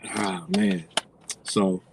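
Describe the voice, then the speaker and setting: A man's voice: low-pitched, completely flat delivery, extremely slow, vocal fry, noisy background. A man ranting profanely in a casual livestream, rambling and losing his train of thought. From United States.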